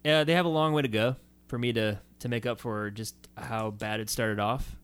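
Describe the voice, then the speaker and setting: A man's voice: medium pitch, fairly even intonation, a bit bright, clear, resonant tone. A man with an ordinary mid-range voice chats bluntly about a show. He stumbles through restarts and fills gaps with "like," keeping it loose and casual. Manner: blunt, halting restarts, frequent "like". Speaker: podcast co-host, TV reviewer. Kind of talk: casual chat.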